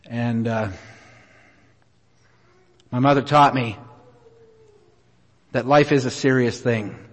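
A middle-aged man preaching a sermon, telling a personal story in an earnest, unhurried way with many pauses. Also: medium pitch, fairly even intonation. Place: church auditorium. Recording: reverberant hall.

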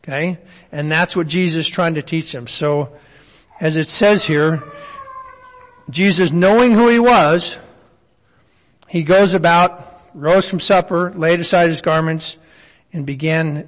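Man teaching scripture in a reverberant hall. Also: fairly high pitch. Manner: conversational, asks the listeners many questions. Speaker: Bible teacher. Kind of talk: Bible study teaching.

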